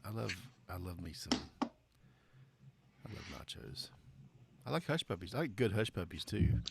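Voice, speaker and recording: A man with a lowish, gravelly voice chimes into a casual podcast chat. He makes jokey, rambling asides and wanders off on tangents. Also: animated, a little fast, very noisy.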